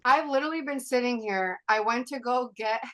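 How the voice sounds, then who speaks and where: Seminar participant, woman, higher voice, swears and laughs a lot, video-call sound. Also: a little fast, pushed and bright. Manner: incredulous, laughing, swears casually. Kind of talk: casual group video call.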